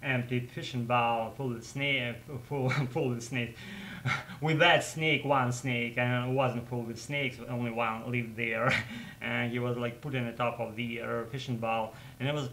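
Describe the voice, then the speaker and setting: Vlogger, man, native Russian speaker, bright tone, rambling casual storytelling full of "uh". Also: mid-range voice, fairly even intonation, low-quality recording. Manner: rambling, halting with many fillers and restarts, laughs often.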